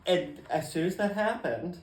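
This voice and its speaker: A man's voice: a little high, moderate pace. Chatty male podcast storyteller, roomy sound. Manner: animated storyteller, fillers, acts out quotes. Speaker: podcast co-host. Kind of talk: casual storytelling chat. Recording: roomy echo.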